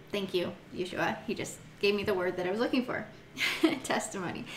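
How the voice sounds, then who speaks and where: A woman's voice: mid-range voice, fairly quick, hardly any pauses. Chatty woman leading a Bible study, echoey room. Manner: chatty, giggly, reads scripture aloud and muses on it. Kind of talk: casual Bible study reading. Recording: echoey room with faint noise.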